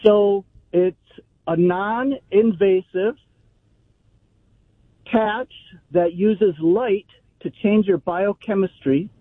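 High-voiced man on a tinny phone line. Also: drawn-out words, long pauses, dry recording. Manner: dry joking, matter-of-fact. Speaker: caller. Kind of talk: call-in radio chat. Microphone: telephone.

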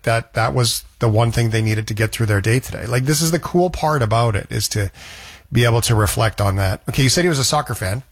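Male host, husky voice, casual talk, reflective. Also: medium pitch. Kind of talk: casual chat.

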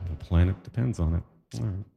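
A man doing a stand-up comedy set, telling jokey stories with quick asides to the crowd. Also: low-pitched, gravelly, noisy background. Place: live comedy stage in a hall. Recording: live stage recording with long hall reverb.

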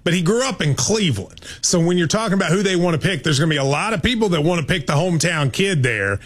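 Brief: male sports-talk host, lively pitch, fires off questions to his co-host. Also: fast, slightly rough. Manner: quizzing, steers the segment with questions.

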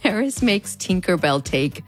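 A woman in her thirties with a Mexican American border (fronterizo) accent hosts scripted pop-culture commentary, wry and conversational, her pitch swinging widely and playfully. She keeps a measured pace over soft background music.

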